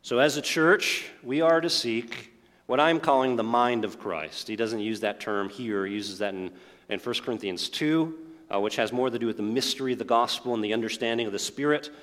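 A man's voice: medium pitch, normal speed, fairly bright tone. A man preaching a sermon as pastor, earnest and emphatic, praying and then asking rhetorical questions to his congregation. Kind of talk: sermon with prayer. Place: church sanctuary. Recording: long hall reverb.

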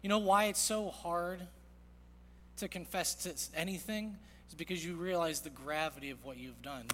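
A man preaching a sermon as pastor, earnest, moving from loud emphasis to hushed quiet. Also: on the high side, normal speed, slight background noise. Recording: long reverb of a large hall.

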